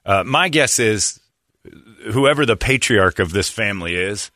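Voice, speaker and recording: A middle-aged man hosting a podcast, telling crude funny stories in a casual, animated way and laughing a lot. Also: fairly low pitch, unhurried, dry recording, clean studio sound. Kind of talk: casual comedic storytelling.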